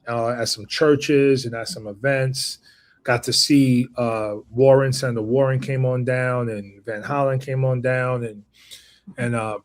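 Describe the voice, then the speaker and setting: A man chatting casually as a guest, relaxed and easygoing, with lots of fillers. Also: medium pitch. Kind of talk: casual chat.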